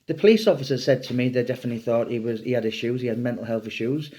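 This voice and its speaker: A man's voice: medium pitch, very fast, warm tone. A middle-aged man, an author, talking in a casual interview with many restarts and fillers. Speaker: author discussing a book subject.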